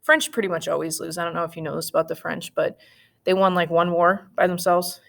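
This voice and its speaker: A woman teaching a history lesson in a casual, lively way, with jokes and acted-out asides. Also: on the low side, fairly quick, creaky. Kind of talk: casual classroom lecture.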